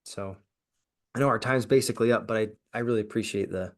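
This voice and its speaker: A man with a fairly low voice, guesting on a podcast. He talks earnestly and motivationally. He often restarts and repeats words mid-sentence. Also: quick pace. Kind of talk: motivational interview talk.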